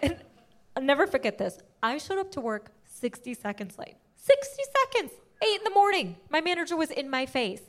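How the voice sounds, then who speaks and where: A woman doing a stand-up comedy set, loud and punchy, often laughing at her own jokes. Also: sits high, sing-song, brisk. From United States.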